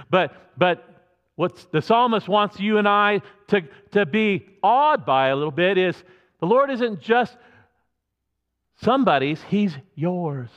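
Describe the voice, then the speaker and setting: A male pastor gives a casual, emphatic sermon, often stopping and starting over mid-sentence. His voice sits a little high for a man. The recording sounds dull and carries a long reverb from the hall. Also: a bit bright. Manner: conversational, emphatic, with many restarts.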